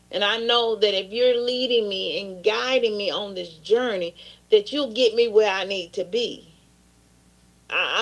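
Gravelly-voiced woman pastor preaching. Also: mid-range voice. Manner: impassioned preaching with repeated pleading prayers. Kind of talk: sermon.

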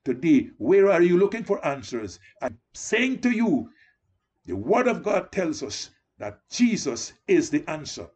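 Lively, high-pitched male preacher. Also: a little slow, slightly rough. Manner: exhorting, repeatedly addressing listeners as beloved. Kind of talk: sermon.

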